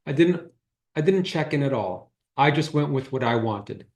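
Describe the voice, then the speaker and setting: A man's voice: mid-range voice, lively intonation, normal speed, a little mellow. A man giving a spiritual talk as a holistic healer, telling personal stories in a casual, conversational way. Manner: conversational storyteller who acts out quoted dialogue. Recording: roomy echo.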